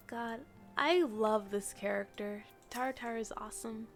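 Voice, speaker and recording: A young woman on a live game stream talks casually to her viewers and the characters on screen. She teases and laughs often, in a fairly high voice. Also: takes it slowly, music in the background. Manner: playful, laughs often, teasing asides.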